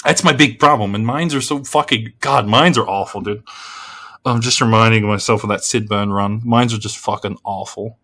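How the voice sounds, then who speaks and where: A man's voice: on the low side, normal speed, sharp tone. An Australian man rants in a casual, blunt way, swearing a lot and rambling with frequent restarts. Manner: heavy swearing, blunt and exasperated. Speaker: gaming video creator. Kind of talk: casual game review rant.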